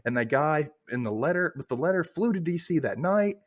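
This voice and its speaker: Man, podcast host, casual recap chat, lively swooping pitch, acts out lines. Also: fairly quick. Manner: animated retelling, acts out lines.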